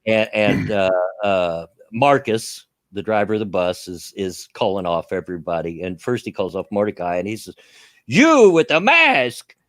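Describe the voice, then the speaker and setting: A man's voice: deep voice, fairly even intonation, moderate pace, few pauses, no echo, clean studio sound. A man with a Southern US accent hosting a casual chat stream, rambling about games and chuckling often.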